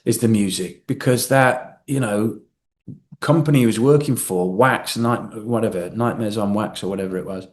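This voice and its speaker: A man, a guest actor in a casual interview, telling animated stories and acting out quotes from others. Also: fairly low pitch, moderate pace. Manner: animated storyteller, acts out quotes with swearing.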